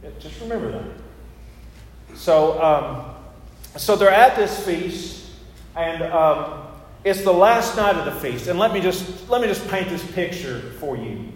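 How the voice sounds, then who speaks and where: A man's voice: a little high, lively intonation, slow pace, pauses often. Chatty male pastor in an echoey church. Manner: chatty and storytelling, with asides and self-mocking humor. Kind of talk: conversational sermon. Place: church sanctuary. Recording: echoey church hall with faint noise.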